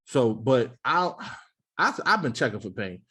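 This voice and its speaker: A man co-hosting a podcast in casual banter, laughing often, swearing freely and slipping into quick impressions. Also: mid-range voice, sing-song, sharp tone, slightly rough. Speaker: podcast host.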